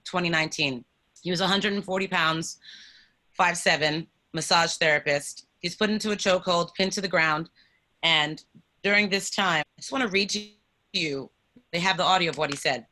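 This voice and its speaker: Presenter with a crisp, bright tone, reading a timeline steadily over a video call. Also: medium pitch. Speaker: presenter on a panel. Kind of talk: reading a timeline to an online group.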